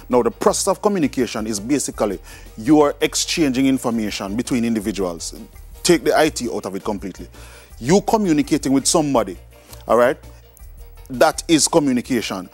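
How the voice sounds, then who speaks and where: Jamaican man teaching in a chatty style. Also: mid-range voice. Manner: conversational, explanatory, checks in with "all right?". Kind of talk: recorded classroom lecture.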